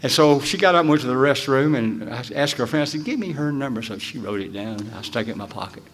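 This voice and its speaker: A man from Dallas gives a candid personal testimony at a recovery convention. He tells it in a folksy storytelling way, with halting restarts. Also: mid-range voice, animated, a bit bright, slightly rough. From Dallas, Texas. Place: convention hall.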